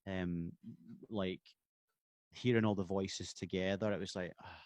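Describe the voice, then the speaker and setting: A Scottish musician chatting on a podcast over a video call, rambling with many restarts and easy laughs. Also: male voice, low-pitched, fairly even intonation, measured pace, darkish tone, no echo. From Scotland. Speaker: guest musician. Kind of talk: casual podcast chat.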